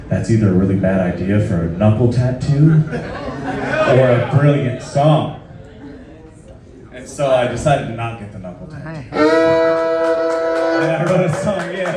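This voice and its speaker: A man's voice: mid-range voice, sing-song, a little slow, long pauses, over loud music. A man telling a loose, profane, self-mocking story on stage between songs. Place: live venue with audience. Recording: echoey live room, far off, crowd. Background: crowd laughing.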